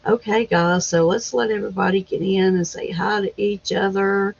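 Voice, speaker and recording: A woman's voice: mid-range voice, fairly even intonation, normal speed, gravelly, breathy edge. A woman hosting a casual live chat, greeting viewers by name and laughing easily. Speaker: livestream host. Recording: dull lo-fi stream audio.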